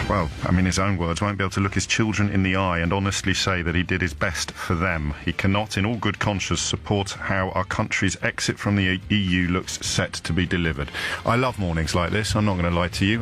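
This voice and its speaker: A man hosting a live radio talk show, speaking emphatically and sardonically with deliberate pauses, with a trace of a Kidderminster accent. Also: deep voice, fairly bright tone. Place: radio studio. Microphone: studio microphone.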